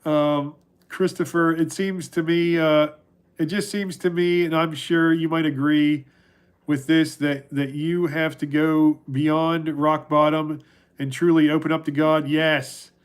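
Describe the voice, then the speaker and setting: Middle-aged guy rambling on his livestream, kinda high voice, lots of uh and restarts. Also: level tone, smooth. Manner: rambling, halting, many restarts and fillers. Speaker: livestream host answering chat. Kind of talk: casual livestream chat.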